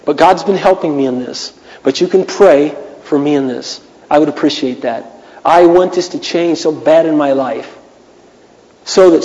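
A middle-aged male pastor preaches in an earnest, confessional way, now and then breaking into emphatic outbursts. His voice sits fairly high for a man. The sound carries a long reverb, like a big hall. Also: darkish tone. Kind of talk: sermon.

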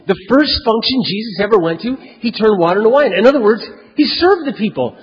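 A man preaching, telling a personal story in a lively, conversational way that swings from loud to very quiet. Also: high-pitched, a little fast, few pauses, breathy edge. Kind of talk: sermon storytelling. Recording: dull echoey hall recording.

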